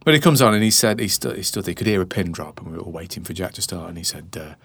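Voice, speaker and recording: A man in his forties, chatting casually as a podcast host and telling animated stories, sometimes dropping to a hushed whisper for effect. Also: deep voice, very fast, breathy edge, no echo. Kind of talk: casual chat.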